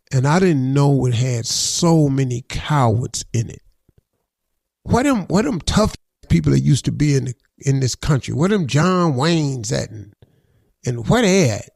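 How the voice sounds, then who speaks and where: A man's voice: medium pitch, creaky, darkish tone, slightly rough, no echo, studio quality. A middle-aged man, a radio host on an impassioned rant, preachy and heated, often repeating himself and saying "man".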